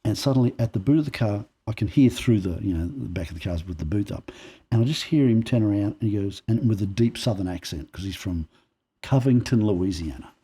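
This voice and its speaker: This podcast guest from Australia shares stories from his own life, voicing the quoted lines with lively energy. He speaks a little fast in a husky voice pitched fairly low.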